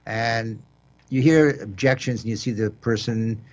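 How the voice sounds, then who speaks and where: A man's voice: mid-range voice, unhurried. An older man with a New York accent, a retired judge hosting a casual radio talk show, explaining legal matters with frequent restarts. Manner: explanatory, repeats words, restarts. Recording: dull lo-fi broadcast audio.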